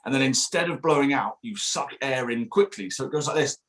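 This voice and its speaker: A man's voice: mid-range voice, brisk, a bit bright. A man, a children's author, reading his picture book aloud to children at a bookshop event, playful and sing-song, demonstrating silly noises. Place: bookshop event streamed online.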